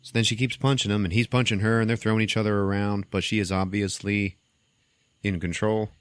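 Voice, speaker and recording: Man, podcast host, deep voice, casual movie recap, acts out scenes, dry close mic. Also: brisk, clean tone, dry recording. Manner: animated storytelling, acting out scenes.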